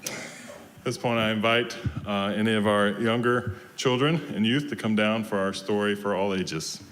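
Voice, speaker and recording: A man from Georgia in the US, a minister leading a children's story time in a service, who talks gently and keeps asking the children questions. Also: lowish voice, normal speed, slight background noise. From Georgia, USA. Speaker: guest minister.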